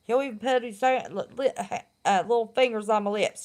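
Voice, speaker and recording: A woman's voice: a little high, a little fast, darkish tone. A middle-aged woman, chatting casually and bluntly on her live stream and laughing often. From West Virginia.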